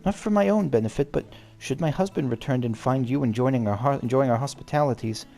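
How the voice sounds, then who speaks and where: A man with a gruff voice reading a refined, sassy middle-aged noblewoman from a game, in a put-on refined tone. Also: medium pitch, a little fast, warm tone, faint music behind, natural voice. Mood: gracious. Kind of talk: reading game dialogue aloud.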